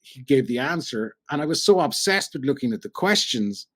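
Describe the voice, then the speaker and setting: A middle-aged man with a Cork Irish accent, a radio broadcaster telling animated anecdotes in a casual chat and acting out the voices he quotes. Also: medium pitch, brisk. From Ireland. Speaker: podcast guest, radio broadcaster.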